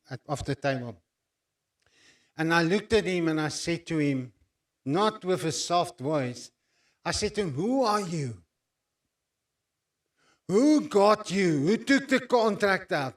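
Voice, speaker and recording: A South African man preaching to a congregation, telling his own story in a slow, deliberate way. His voice sits high for a man and he leans on long, intense pauses. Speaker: preacher giving testimony. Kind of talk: sermon with personal testimony.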